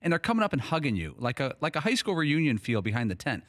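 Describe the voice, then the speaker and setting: A man's voice: on the high side, very animated, fast talker, fairly bright tone, dry recording, studio quality. A man co-hosting a casual chat, setting the scene vividly as he recalls a day.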